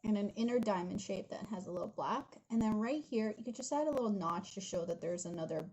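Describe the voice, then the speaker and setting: A woman's voice: mid-range voice, animated, fast, highs cut off, background noise. A young woman talking viewers through a drawing tutorial from her home studio, chatty and giggly, calling them guys as she goes. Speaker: art instructor.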